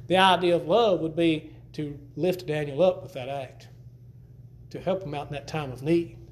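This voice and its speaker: A man's voice: fairly high pitch, moderate pace. A man preaching a sermon in a church, folksy and emphatic, often repeating words as he teaches. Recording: roomy church echo.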